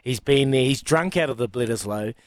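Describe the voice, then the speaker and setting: An enthusiastic ex-rugby player from New Zealand chats on sports radio, his accent unmistakable and his sentences frequently restarted. He speaks a little fast in a mid-range voice, with no echo.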